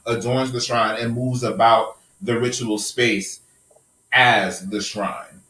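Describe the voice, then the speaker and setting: A man's voice: medium pitch, flat delivery, takes it slowly, pushed and bright, roomy sound, recorded from a distance, poor audio. A man hosting a podcast, holding forth in a passionate, profane rant during a casual group discussion. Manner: impassioned, profane, preachy rants. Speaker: podcast host.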